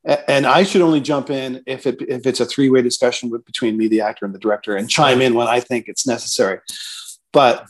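A middle-aged man, a writer-producer hosting an interview, talking in a relaxed way and laughing between thoughts. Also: medium pitch, quick pace. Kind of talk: conversational interview.

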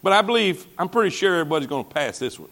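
A man preaches in a high-pitched voice. He reads scripture aloud and breaks off to put questions to his congregation. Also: sing-song, racing, bright, forceful tone. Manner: preaching with call-and-response asides to the congregation. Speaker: pastor. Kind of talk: sermon.

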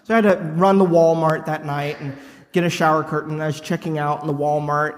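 A man's voice: a little high, steady tone, brisk, a bit bright. A man preaching a sermon to his congregation in a loose, conversational way. He fills his talk with "like" and "right?". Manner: casual, rambling, full of "like" and "right?". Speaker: pastor. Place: church hall with a congregation. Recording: long reverb of a church hall.

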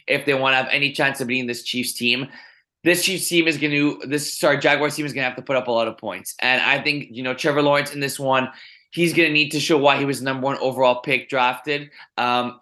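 A man's voice: medium pitch, sharp tone. A man co-hosting a sports podcast, making game picks in casual talk, often turning to address his co-host by name amid plenty of fillers. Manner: repeats the co-host's name, many fillers.

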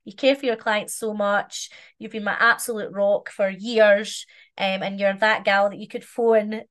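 A woman co-hosting a podcast, talking in a relaxed, reflective way and laughing easily. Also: medium pitch, unhurried. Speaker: podcast co-host. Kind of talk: casual chat.

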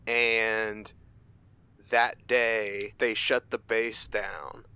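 A man playing a tabletop role-playing game who tells his character's memories in a slow, reflective way. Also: on the low side, little pitch movement, sharp tone, smooth, no echo. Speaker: player.

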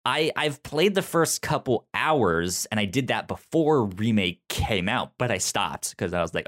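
A man hosting a casual video game podcast, talking in halting bursts with many restarts and frequent laughs. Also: mid-range voice, lively intonation, a bit bright. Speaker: podcast host. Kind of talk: casual chat.

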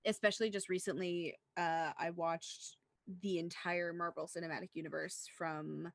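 A woman's voice: fairly low pitch, moderate pace, creaky, no echo, studio quality. A young woman talking casually about films with friends, chatty and full of fillers, often breaking into laughter. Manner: chatty, lots of "like", excitable laughter.

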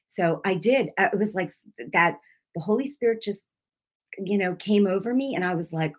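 A woman's voice: mid-range voice, moderate pace. A middle-aged woman telling a personal faith testimony in a preachy way, with many fillers and restarts, rising into intense acted-out prayers. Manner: emotional, animated retelling with many fillers and restarts; acts out her own prayers and rebukes in a raised, intense voice. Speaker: Christian speaker giving a testimony.

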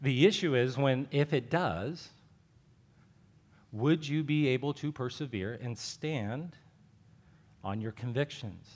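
Animated man preaching a sermon. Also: medium pitch, takes it slowly, pauses often. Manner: animated, acts out dialogue with rising emphasis. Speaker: pastor.

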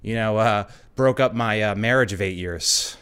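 A man voicing a chatty, nervous middle-aged Uber driver in a higher, louder voice while retelling a story. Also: moderate pace, smooth, natural voice. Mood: confiding.

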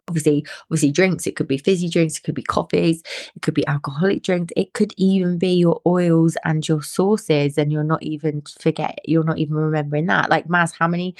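A woman co-hosting a casual podcast chat as a fitness coach, talking in a chatty, animated way and often restarting her phrases. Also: sits low, brisk, no room sound, studio quality.

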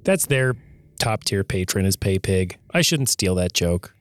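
A man bantering as a podcast co-host, tossing out quick jokes. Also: low voice, lively intonation, no echo. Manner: joking, quick quips.

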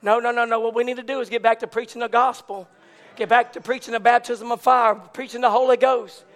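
A man preaching a fervent Pentecostal sermon, moving from low conversational talk to shouted, rousing preaching. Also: little pitch movement, fairly quick. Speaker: pastor.

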